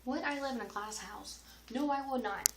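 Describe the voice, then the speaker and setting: Speaking at a normal speed in a fairly high voice, this woman rambles chattily through viewer questions on her vlog and now and then drops to a whisper. Heavy background noise sits under a roomy echo.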